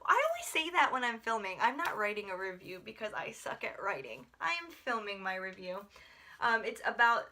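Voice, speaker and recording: A woman's voice: fairly high pitch, sing-song, a little fast, sharp tone. A young woman from the United States chatting through a book review, gushing and rambling with lots of filler words. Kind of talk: casual book review vlog.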